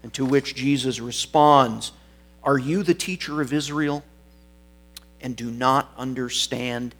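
A man's voice: medium pitch, slow pace, soft background music. A man preaching an expository sermon, reading scripture and stressing key words, once correcting himself mid-sentence.

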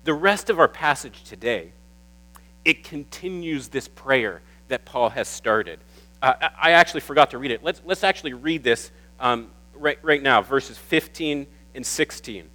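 A man preaching a sermon to his church, warm and emotional, often stumbling and repeating words. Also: mid-range voice, expressive, moderate pace, poor audio. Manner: warm, emotional, getting teary at times. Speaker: pastor.

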